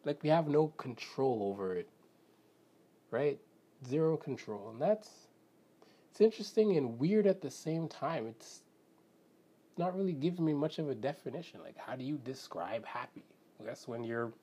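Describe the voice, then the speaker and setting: This Canadian podcast host speaks at a medium pitch with an animated yet unhurried delivery, leaving long pauses, his voice mellow with a breathy edge. His solo self-help talk is casual and rambling, peppered with fillers, "right?", self-questions, and acted-out quotes from friends.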